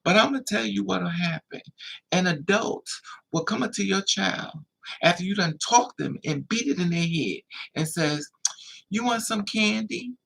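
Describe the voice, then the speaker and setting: A man hosting a livestream, telling a personal story in a casual, animated way and acting out the voices of the people in it. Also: high voice, normal speed, gravelly, husky, poor audio. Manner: animated, acts out quoted voices.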